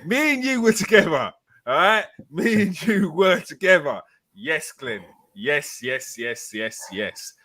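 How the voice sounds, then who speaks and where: A man hosting a live fan show, chatty, excitable and teasing as he greets guests and reads comments. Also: a little high, unhurried. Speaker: host. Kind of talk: casual live show chat.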